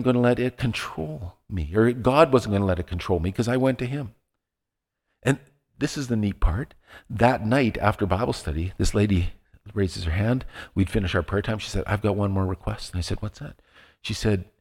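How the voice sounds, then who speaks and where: A man's voice: lowish voice, in a large hall. A man preaching a sermon as a pastor, telling a personal story in a conversational way with frequent restarts. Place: church sanctuary.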